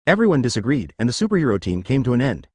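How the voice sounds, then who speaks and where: A man's voice: medium pitch, big pitch swings, rapid-fire, slightly rough, no echo, clean studio sound. A man reading a story aloud as scripted audiobook narration, in a matter-of-fact way.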